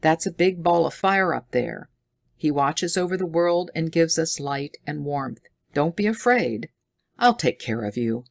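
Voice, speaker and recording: Lady reading as a calm steady adventurer guy, reassuring, slow and a bit gravelly. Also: sits low, full character voice. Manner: firm and reassuring. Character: calm, protective young adventurer man. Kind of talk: audiobook reading.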